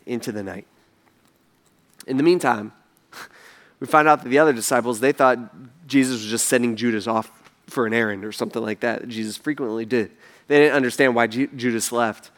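A man preaching a sermon in a casual, animated storytelling manner, acting out the quotes he tells. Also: medium pitch, normal speed, pauses often. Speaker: pastor.

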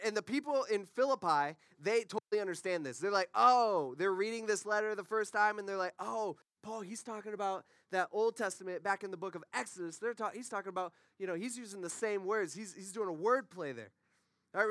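Man, preacher, conversational sermon, high-pitched voice, dry close sound. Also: no echo. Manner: animated, with rhetorical questions and asides.

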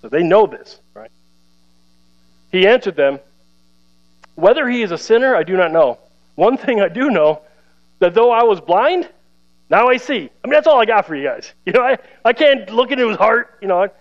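Animated preaching man, high voice, lo-fi hum. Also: fairly quick. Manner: conversational, animated, laughs often, acts out quoted voices. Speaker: pastor. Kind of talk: sermon. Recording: dull lo-fi sound with mains hum.

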